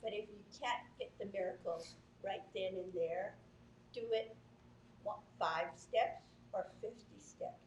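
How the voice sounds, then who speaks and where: A woman in her sixties giving an earnest, unhurried testimony to a congregation. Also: mid-range voice. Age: 60s. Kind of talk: heartfelt testimony. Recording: echoey room from a distant mic, faint noise.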